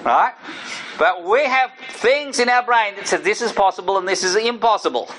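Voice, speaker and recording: A man's voice: high voice, lively intonation, moderate pace, a crowd in the background, poor audio. A middle-aged man and former missionary giving an earnest teaching sermon, often checking in with "right?" and acting out quoted prayers and speech. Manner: earnest, repeats points with "right?".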